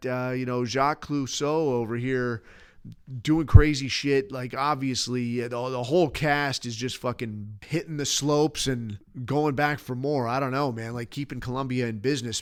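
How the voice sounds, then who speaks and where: A man's voice: medium pitch, clean tone. Rambling, profane podcast-host man. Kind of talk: casual solo rant.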